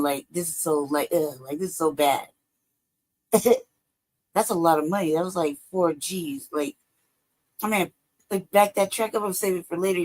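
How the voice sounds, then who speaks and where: A woman host gives casual reaction commentary on a livestream. Her voice sits slightly low, but she jumps high in disbelief, swearing and sighing through it. She sounds loose and unscripted. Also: low-quality recording. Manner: profane, exasperated, laughing, swings high and low.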